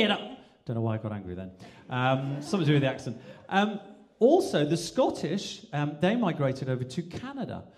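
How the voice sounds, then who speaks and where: A man from England doing stand-up on a live stage, animated and slipping in and out of mimicked accents. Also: on the high side, fairly quick. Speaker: stand-up comedian. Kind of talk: stand-up comedy routine.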